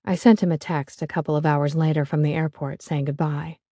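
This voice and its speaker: A woman's voice: sits low, fairly even intonation, brisk, warm tone, dry recording, studio quality. A woman narrating a first-person romance audiobook in a wry, confiding way.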